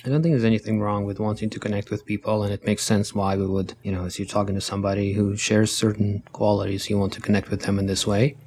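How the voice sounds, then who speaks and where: A man's voice: fast, few pauses, slight background noise. A man co-hosting a podcast, talking earnestly in a casual conversation and lifting his voice as he acts out remembered reactions. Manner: earnest and expressive, jumps higher acting out quoted reactions. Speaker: podcast co-host.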